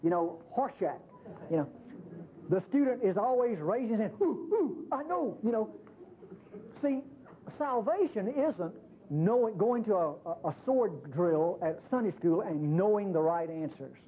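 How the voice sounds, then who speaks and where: A man preaching a sermon in a conversational, animated way, often saying "see" to the listeners. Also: sits high, normal speed, slight background noise. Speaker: pastor. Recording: tinny phone-like radio broadcast.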